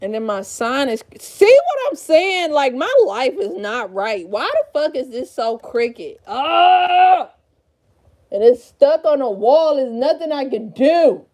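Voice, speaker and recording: A woman in her thirties on a livestream, rambling and swearing as she frets over a cluttered room. Her voice is a touch high but mellow and warm, and her speech drags along slowly. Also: expressive. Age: 30s. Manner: profane, frazzled and rambling; talks to herself while sorting a room. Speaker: live streamer. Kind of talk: casual livestream chat.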